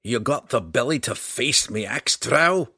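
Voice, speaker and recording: A man voicing a gruff, stubborn male dwarf warrior who growls and roars his words in folksy turns of phrase for a fantasy audiobook. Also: mid-range voice, expressive, measured pace, bright, forceful tone, no echo, studio quality, full character voice. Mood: taunting.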